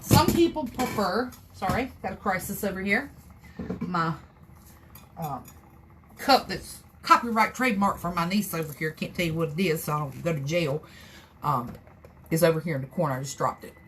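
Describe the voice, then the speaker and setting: A woman's voice: on the low side, moderate pace, a bit bright, slight background noise. A woman with a Southern US accent chatting her way through a live crafting tutorial, rambling and folksy as she talks to her viewers. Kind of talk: casual how-to chat.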